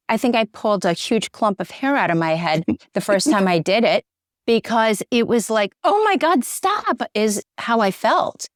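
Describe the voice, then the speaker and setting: Middle-aged woman guest, earnest and choked up, lowish voice, dry close sound. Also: no room sound. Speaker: interview guest, divorce journalist. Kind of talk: conversational interview.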